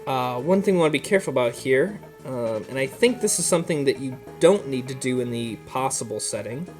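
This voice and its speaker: A man casually commenting on a game he is playing, with a relaxed, rambling manner and lots of filler words. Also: mid-range voice, fairly quick, faint music behind. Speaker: let's play host.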